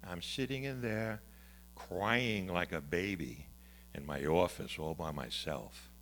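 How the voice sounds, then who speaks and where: A man who is a pastor, preaching a conversational, story-driven sermon that swings from loud to hushed. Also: low voice, slow pace, slight background noise.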